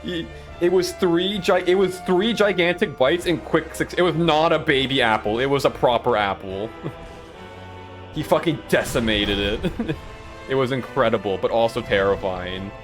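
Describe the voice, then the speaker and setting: This medium-pitched man talks at a moderate pace over faint background music. He's streaming a game and casually rambling through school stories, full of "like" and frequent laughter.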